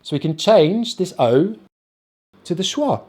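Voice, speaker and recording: A man with a British accent teaching English pronunciation, slowly drilling and repeating syllables. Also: high-pitched, sing-song, a little mellow. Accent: British, non-rhotic. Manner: slow, exaggerated drilling of sounds. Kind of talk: pronunciation lesson.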